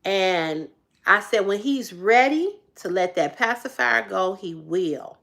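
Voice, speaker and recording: A woman hosting a live stream, telling a family story in a blunt, profane, animated way and talking back to her chat. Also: mid-range voice, slow pace, gravelly. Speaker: livestream host.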